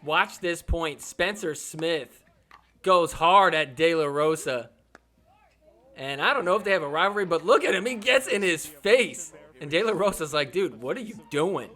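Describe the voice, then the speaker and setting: High-voiced man hyping up match clips. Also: normal speed. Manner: excitable, joking, swears freely. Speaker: podcast host. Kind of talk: recap commentary over match clips.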